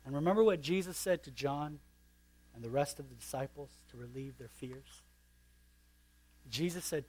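A man preaching a sermon earnestly, stressing and slowing on key phrases. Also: mid-range voice, darkish tone, husky.

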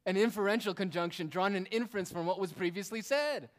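Speaking fast in a high voice, this male preacher works through the text with emphasis. Rhetorical questions and offhand asides pepper his sermon, and he moves back and forth between booming and quiet delivery.

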